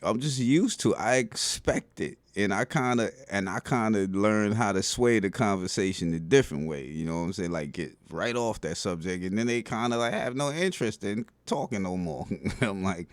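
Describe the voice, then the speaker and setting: A middle-aged man with a Bronx New York accent, telling stories in a relaxed, slangy way for his video channel. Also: on the low side, normal speed, dry recording. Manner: relaxed street slang, keeps saying "you know what I'm saying". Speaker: vlogger. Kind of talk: casual storytelling monologue.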